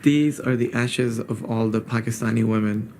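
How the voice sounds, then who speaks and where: A man's voice: mid-range voice, steady tone, moderate pace, darkish tone, slight background noise, lightly acted. An actor playing an awkward young man who speaks sheepishly and self-consciously to his girlfriend.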